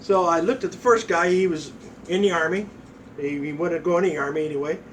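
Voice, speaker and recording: A man's voice: a little high, fairly quick, recorded from a distance, a little hiss or hum, poor audio. A man in his sixties telling crude, profane jokes in a folksy storytelling way, acting out voices.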